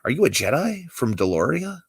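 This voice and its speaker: A man's voice: a little high, big pitch swings, a little fast, vocal fry, slightly rough, no echo, voice pushed up, exaggerated voice. Catman, a man reading a wary cat stowaway. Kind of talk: amateur script read-through.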